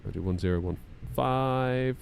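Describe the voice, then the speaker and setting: A man's voice: mid-range voice, unhurried, creaky, darkish tone, slight background noise. Chatty man in his thirties. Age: 30s. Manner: chatty, self-deprecating, talks through checklists. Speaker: flight-sim streamer. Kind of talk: casual live-stream chat.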